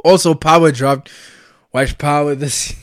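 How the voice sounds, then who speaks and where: A man chatting casually as a vlogger, excitable and slangy, laughing often. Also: a little high, takes it slowly, dry recording, studio quality. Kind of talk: casual chat.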